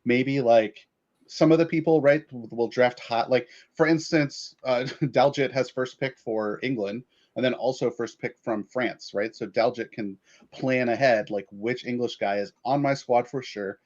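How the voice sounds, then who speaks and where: Relaxed man on a slightly dull line. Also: medium pitch, unhurried. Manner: relaxed, lots of "like" fillers. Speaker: panelist. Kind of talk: casual strategy chat.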